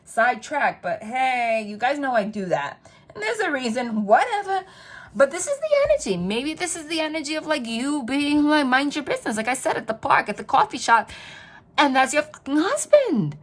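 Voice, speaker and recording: A woman reading tarot in a casual vlog, chatty and rambling, telling animated stories full of quoted dialogue. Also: sits high, normal speed. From New Jersey. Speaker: tarot reader.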